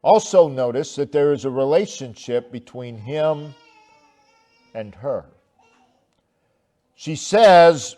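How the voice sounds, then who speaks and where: A man preaching a sermon, slow and deliberate, with long pauses and swelling emphasis. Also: on the high side, animated, dark tone. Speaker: pastor.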